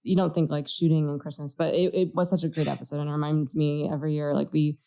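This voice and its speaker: Low, mellow-voiced woman co-host. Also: flat delivery, fast, gravelly, clean tone. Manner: earnest, reflective, thinks aloud. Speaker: podcast co-host. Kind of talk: casual political chat.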